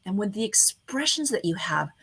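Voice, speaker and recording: A woman hosts an online event and gives a motivational lesson on communication. Her voice is bright and carries well, and she keeps changing her delivery, deliberately slowing her speech to land each point. She speaks straight into a webcam at her computer. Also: mid-range voice, breathy edge. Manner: expressive, varies her voice often, slows down on purpose. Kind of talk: motivational talk on speaking skills.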